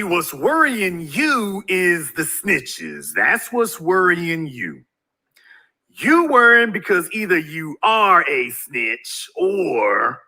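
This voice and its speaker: This male YouTube commentator rants at his viewers in a preachy video monologue, hitting them with one rhetorical question after another, his high-set voice very bright and cutting.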